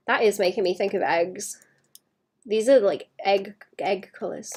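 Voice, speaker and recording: A woman's voice: medium pitch, measured pace, darkish tone, breathy edge. A woman streaming a digital painting session, chatting casually and muttering to herself as she works, often trailing off mid-thought. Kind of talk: casual chat while drawing.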